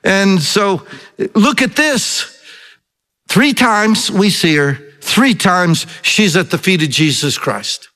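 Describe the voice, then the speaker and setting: A man's voice: sits high, animated, takes it slowly, sharp tone. Earnest male preacher in a reverberant hall. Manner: earnest, rhetorical questions to the congregation. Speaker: pastor. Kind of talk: sermon.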